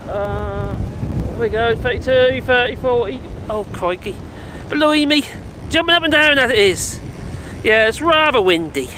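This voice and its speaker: A man live-streaming outdoors in gusty wind, chatting casually and rambling with laughs and exclamations, into a mic with a furry windshield. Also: very high voice. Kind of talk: casual live-stream chat, reading comments. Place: outdoors on a windy hillside near buildings. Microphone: handheld mic with furry windshield.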